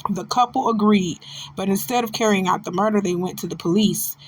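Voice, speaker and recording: Animated woman hosting gossip commentary. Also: medium pitch, fairly quick, slight background noise. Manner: animated, preachy, calls listeners "baby". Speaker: host. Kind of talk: casual celebrity gossip commentary.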